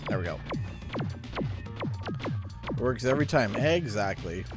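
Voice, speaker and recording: A man's voice: on the low side, expressive, slow pace, over music. A man in his thirties from Canada, chatting casually on a gaming livestream, rambling with lots of fillers and frequent laughs. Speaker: gaming streamer.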